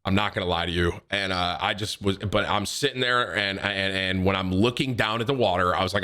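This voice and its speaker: A young man tells his stream chat a story in an animated, profane way, jumping into a raised voice to act out quotes. He speaks in a low voice at a moderate pace.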